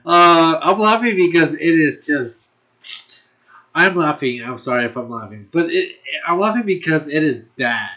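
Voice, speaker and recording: Man, anime reviewer, casual and rambling, a bit high and bright, dull lo-fi sound. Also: lively intonation, moderate pace. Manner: rambling, restarts often, laughs a lot, curses. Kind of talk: casual ranking video commentary.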